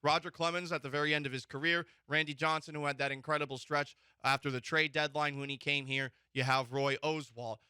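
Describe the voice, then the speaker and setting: A man's voice: a little high, fairly quick, hardly any pauses, clear, resonant tone, no echo, clean studio sound. A man hosting a sports talk show, opinionated and joking. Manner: animated, mock-emotional, joking.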